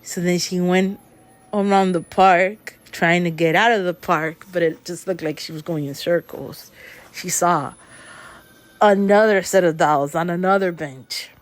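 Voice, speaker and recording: A woman casually telling a scary story in a rambling, unhurried way, full of fillers like "he goes". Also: lowish voice, steady tone.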